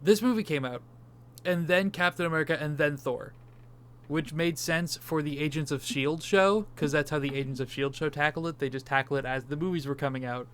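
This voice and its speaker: A man's voice: a little high, fairly quick, fairly bright tone, smooth. A man co-hosting a casual movie discussion podcast, rambling and swearing freely. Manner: rambling, swears casually, does silly beep noises. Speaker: podcast co-host.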